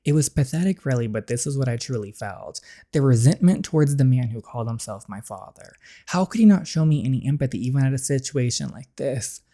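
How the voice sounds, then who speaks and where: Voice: medium pitch, animated, fairly quick, few pauses, mellow. A streamer reading out the first-person lines of a resentful teenage girl from a story game, bitter and defiant toward her father.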